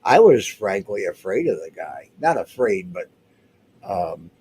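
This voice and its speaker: This guest, a man in his seventies, recalls past events in a casual conversation, rambling and restarting his sentences often. His deep, warm, slightly rough voice swings widely in pitch, and his pace is measured.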